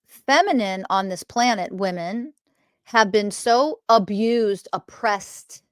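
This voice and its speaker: A woman hosting a solo spiritual podcast, talking in an animated, emphatic way that now and then turns to swearing. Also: mid-range voice, slow, clear, resonant tone, no echo, studio quality. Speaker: podcast host and spiritual teacher.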